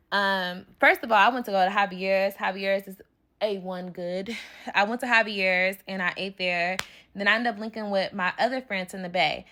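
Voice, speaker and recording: A woman tells her own story in a casual storytime style. Her voice sits at a middle pitch. She is blunt and freely profane, and she acts out the people she quotes in her own voice. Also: a bit bright.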